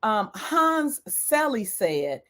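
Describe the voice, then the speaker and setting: A woman's voice: a little high, big pitch swings, extremely slow, bright, forceful tone. A woman giving a lecture-style talk on self-care as an educator, repeating key points for emphasis.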